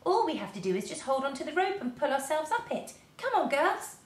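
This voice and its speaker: A woman's voice: high voice, very animated, brisk, pitched above the performer's own voice. A woman voicing an eager, adventurous young boy from a storybook. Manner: keen and coaxing. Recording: roomy echo.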